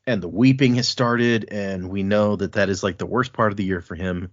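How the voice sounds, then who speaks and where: On a dull, lo-fi recording, a man co-hosting a podcast talks casually about a book, retelling scenes and laughing a lot. His voice is on the low side, steady in tone, at a normal speed.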